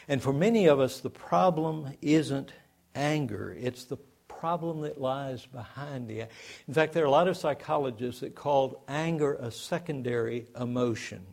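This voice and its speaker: A man's voice: medium pitch, vocal fry, darkish tone. A man preaching a sermon in a conversational way, asking the congregation rhetorical questions. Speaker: pastor.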